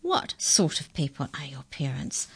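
A woman voicing a suspicious, officious giant white rat officer with a gravelly, demanding voice. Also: deep voice, huge pitch swings, unhurried, no room sound, exaggerated voice. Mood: stern. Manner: stern, demanding, incredulous.

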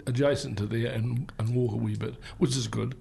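Un homme avec un accent néo-zélandais, animateur d'une radio locale, qui bavarde de façon décousue avec beaucoup d'hésitations. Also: male voice, medium pitch, fairly even intonation, a little fast, gravelly, mellow, slight background noise. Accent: New Zealand. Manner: rambling, full of ums. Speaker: community radio host. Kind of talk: casual radio chat.

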